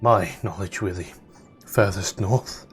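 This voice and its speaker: A man's voice: low voice, unhurried, faint music behind. Laid-back man running a tabletop game. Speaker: game master.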